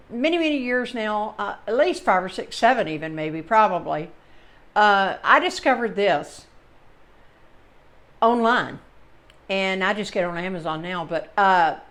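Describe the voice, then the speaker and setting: A woman with a Southern American accent hosting a casual home cooking demonstration in her kitchen, chatting with folksy, rambling asides. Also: mid-range voice. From Southern United States. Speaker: home cooking channel host.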